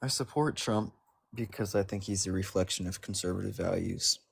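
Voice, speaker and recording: A man in his twenties calling into a live debate stream, giving plain, measured answers. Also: low-pitched, vocal fry, husky. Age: 20s. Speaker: caller. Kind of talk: casual debate call.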